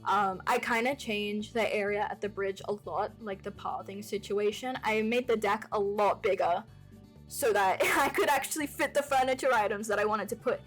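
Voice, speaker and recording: A woman's voice: medium pitch, moderate pace. A young woman talking through a game build in a chatty, bubbly, self-mocking voice-over from her desk at home. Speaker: gaming YouTuber. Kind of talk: casual gameplay voice-over. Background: soft background music.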